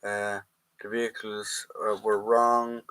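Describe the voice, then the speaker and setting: An Irish man hosting a casual live Q&A, reading viewer comments aloud and answering in a halting way. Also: lowish voice, level tone, fairly bright tone, clean tone, dry recording, low-quality recording. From Ireland. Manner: halting, stops to read viewer messages aloud. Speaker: livestream host, military collectibles dealer.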